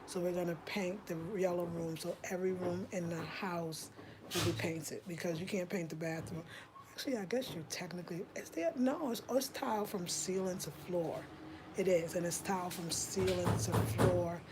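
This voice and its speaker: A woman hosting a home design live stream from her rented house, chatting excitedly with viewers and calling them y'all. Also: lowish voice, moderate pace, noisy background. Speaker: home design channel host.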